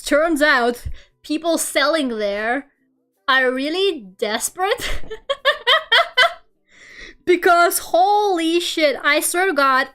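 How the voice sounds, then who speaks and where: A young woman streamer draws while chatting casually in a high, fairly bright voice. She rambles through a story full of fillers and laughs frequently.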